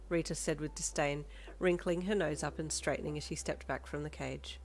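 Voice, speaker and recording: A woman narrating a second-person fanfiction story in an expressive storytelling manner. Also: sits low, moderate pace. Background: soft background music.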